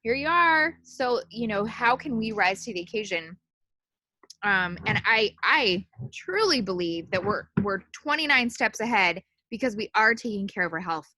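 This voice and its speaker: Woman hosting a video-call support group, crisp forward tone, invites others to share. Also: mid-range voice, lively intonation, moderate pace, bright, forceful tone, no room sound. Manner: encouraging, asks the group questions. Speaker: group leader. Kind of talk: casual group video chat.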